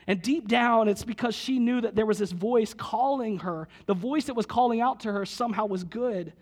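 High-voiced man preaching a sermon. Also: normal speed. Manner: lively storytelling, quotes characters, prays aloud. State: slightly husky. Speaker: pastor. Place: church.

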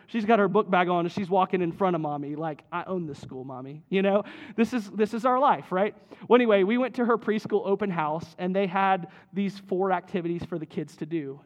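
A man with a fairly high voice preaches a sermon in a relaxed, conversational way. He tells stories with frequent restarts and friendly asides to the congregation. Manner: casual, animated storytelling with many restarts. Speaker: pastor.

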